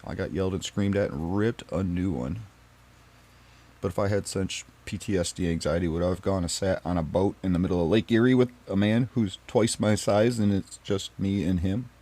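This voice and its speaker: A man telling a personal story to camera in an emotional, emphatic and pleading way, swinging between loud and quiet. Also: sits low, moderate pace.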